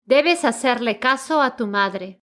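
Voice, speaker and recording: A woman's voice: fairly high pitch, expressive, moderate pace, fairly bright tone. A woman reading example sentences for a language lesson, repeating each one carefully as a pronunciation model. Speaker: native-speaker example reader.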